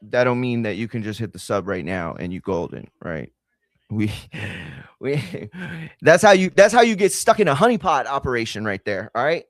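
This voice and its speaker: Streamer, male, easygoing slangy fight talk, dry close mic, mid-pitched voice. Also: very animated, normal speed, no room sound. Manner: loose, slangy, chatty, addresses chat directly. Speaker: watch-party streamer and fight commentator. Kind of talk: casual live-stream commentary.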